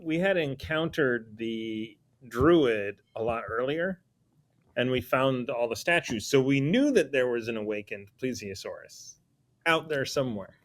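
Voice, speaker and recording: A male guest commentator speaks in a matter-of-fact way in casual chat. His voice sits at a middle pitch. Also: animated, unhurried.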